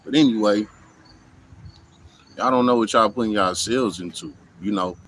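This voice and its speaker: A man's voice: on the low side, normal speed, a bit bright, a little hiss or hum, poor audio. Blunt, profane man talking outdoors. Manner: blunt, profane, repeats "you know what I'm saying". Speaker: vlogger. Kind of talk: casual monologue to camera. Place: outdoors in hot weather.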